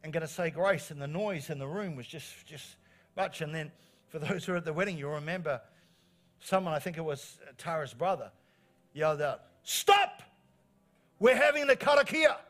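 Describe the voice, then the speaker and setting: A middle-aged man, preaching a sermon as pastor in an animated, encouraging way, repeating phrases for emphasis. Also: fairly high pitch, a little fast. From New Zealand.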